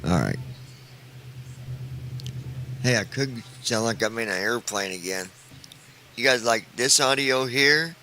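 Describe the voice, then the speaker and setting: A man's voice: medium pitch, takes it slowly, long pauses, bright, forceful tone, a little hiss or hum. A man hosting a casual live stream, talking on a headset mic and joking with viewers while he tests his audio. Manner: playful, joking, testing his mic aloud. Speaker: streamer host.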